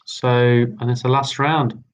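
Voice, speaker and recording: A man's voice: medium pitch, level tone, slow, low-quality recording. A man hosting a live online quiz, chatty and repeating his lines. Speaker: quiz host.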